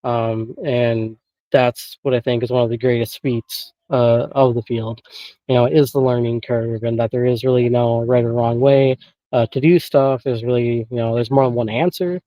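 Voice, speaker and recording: A man's voice: medium pitch, fairly even intonation, normal speed, no room sound, highs cut off. A man guesting on an interview and chatting casually about paranormal investigating, rambling with many filler phrases and frequent chuckles, over a remote call.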